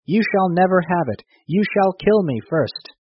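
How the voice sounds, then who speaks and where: A man's voice: lively intonation, moderate pace, slightly rough, lo-fi sound. A man reading aloud voices a fierce little boy who defiantly refuses to give up a stove. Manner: defiant, shrill outbursts.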